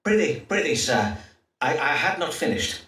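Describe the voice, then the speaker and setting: An actor voicing an Elizabethan astrologer-doctor who speaks in measured, formal old-fashioned phrases with hesitant fillers, in a game. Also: male voice, fairly high pitch, big pitch swings, sharp tone, slight background noise. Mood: grave. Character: Elizabethan astrologer-doctor, pompous yet awkward. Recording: distant roomy game audio.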